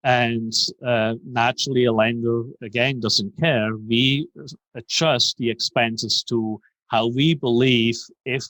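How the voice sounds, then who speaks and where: A man's voice: medium pitch, fairly bright tone, dry recording, poor audio. A middle-aged man, a commercial lender from Switzerland, explaining loans as a podcast guest, often tagging lines with "right?". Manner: explanatory, many "right?" tags and fillers. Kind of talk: podcast interview.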